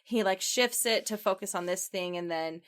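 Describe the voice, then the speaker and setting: A young woman with a mid-range voice at a moderate pace co-hosts a podcast, casually retelling a movie plot. She's animated, laughing as she acts out the quoted lines.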